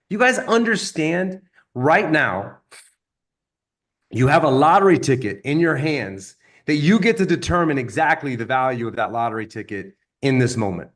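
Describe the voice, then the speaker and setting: A man's voice: a little high, normal speed. Upbeat man coaching a sales team. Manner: energetic, acts out anecdotes with quoted voices. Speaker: sales trainer. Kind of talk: motivational sales training talk.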